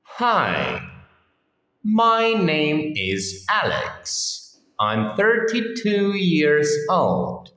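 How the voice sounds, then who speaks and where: A male English teacher drills short phrases very slowly, letting each one ring out in an echoey room with a long tail of reverb. His pitch swings widely from phrase to phrase, as if modelling intonation for learners. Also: huge pitch swings, pushed and bright. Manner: reads each phrase on its own with pauses, often repeating it. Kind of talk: slow phrase-by-phrase lesson reading.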